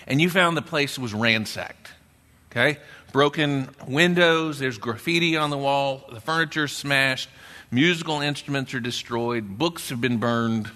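Bright-voiced Texan pastor preaching in a reverberant hall. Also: male voice. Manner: conversational preaching, acts out the doubter in a low grumbling voice. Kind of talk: sermon. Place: church. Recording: long reverb in a church hall.

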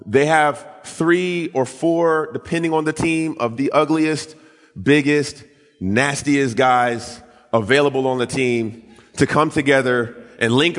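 A man preaching a sermon, telling his story and acting out quoted voices with big swings in pitch. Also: a bit bright, in a large hall. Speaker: pastor.

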